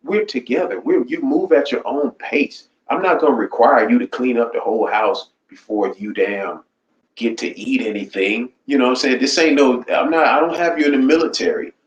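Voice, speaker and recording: A man's voice: medium pitch, moderate pace, dull audio. A man hosting a casual live-stream chat, blunt and profane, often asking "you know what I'm saying". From United States. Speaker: channel host. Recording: roomy echo, faint background noise.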